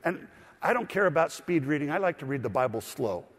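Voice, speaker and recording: A man's voice: on the high side, sing-song, fairly quick. A man preaching a sermon as pastor, teaching and asking the congregation to read along. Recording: long hall reverb.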